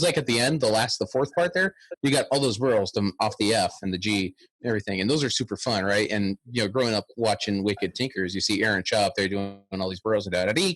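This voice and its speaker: A man's voice: fairly low pitch, a bit bright, no echo. A man in his thirties, a guest bagpiper, chatting animatedly in a podcast interview and humming tunes aloud.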